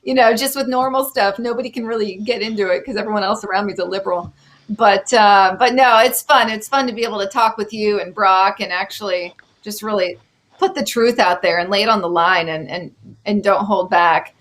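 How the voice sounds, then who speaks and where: A woman hosting a casual interview show, talking in an animated, opinionated way, getting worked up and teasing her guest. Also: medium pitch, brisk. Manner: teasing, joking. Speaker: show host.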